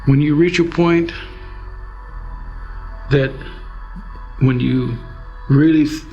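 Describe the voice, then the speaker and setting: A middle-aged man from Alaska shares his past in a loose, rambling way, full of "you know" and "it's like". His voice sits a little higher than most men's. Soft music plays faintly underneath. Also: fairly even intonation, slow pace, dull audio. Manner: rambling storytelling with many fillers. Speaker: interviewee. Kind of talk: personal testimony.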